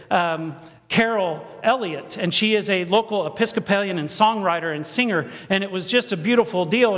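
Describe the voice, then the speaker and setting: High-voiced preacher in an echoey church. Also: male voice. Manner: animated, acts out dialogue in voices. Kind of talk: storytelling sermon. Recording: long echoey church reverb.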